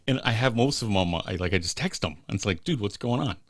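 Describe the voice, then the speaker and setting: A man's voice: lowish voice, animated, fast, no echo. A man co-hosting a casual podcast, loose and joking, swearing now and then. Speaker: podcast co-host. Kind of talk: casual chat.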